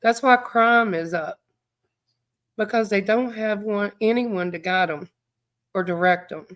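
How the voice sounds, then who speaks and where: A woman's voice: mid-range voice, measured pace, fairly bright tone. A middle-aged woman, hosting a livestream, speaking heartfelt and near tears, with a stuffed-up voice while she reads viewer comments aloud. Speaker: true crime livestream host. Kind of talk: emotional livestream chat.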